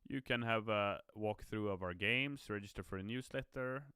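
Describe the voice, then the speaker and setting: A man's voice: lowish voice, moderate pace, sharp tone, clear, resonant tone, dry recording, studio quality. A tired, yawning man chatting upbeat on a live stream as a game community manager, reading viewer comments aloud. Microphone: streaming mic.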